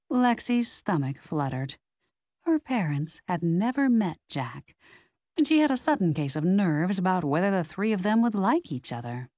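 A woman narrating a novel in an expressive storytelling manner. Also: lowish voice, normal speed, no echo, studio quality. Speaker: audiobook narrator. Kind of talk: scripted narration.

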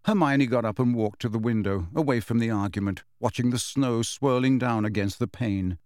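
A man narrating an audiobook in a measured storytelling manner. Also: medium pitch, darkish tone, no room sound, clean studio sound. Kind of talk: scripted narration.

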